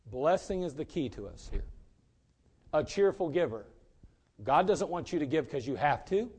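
A man preaching a sermon as pastor, emphatic and rising to loud peaks. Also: fairly high pitch, big pitch swings, moderate pace, breathy edge.

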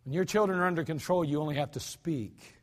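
High-voiced man preaching a sermon. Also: fast talker. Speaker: pastor. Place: church sanctuary.

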